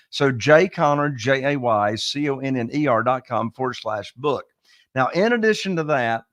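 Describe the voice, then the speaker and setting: A man presenting a webinar, pitching offers and telling his story with energy. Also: dry recording, clean studio sound. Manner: energetic, salesy, spells out web addresses. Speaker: real estate investor presenting a webinar.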